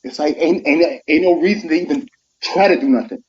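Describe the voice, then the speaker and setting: A thirty-year-old man speaks as a guest on a muffled live stream, delivering an emotional monologue. His voice is a little high, brisk, and slightly mellow, moving from earnest to heated and pleading.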